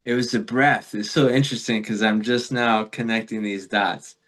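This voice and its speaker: A man from Florida, a podcast guest, telling a rambling spiritual story in a reflective, casual way with fillers and soft laughs. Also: lowish voice, steady tone, moderate pace.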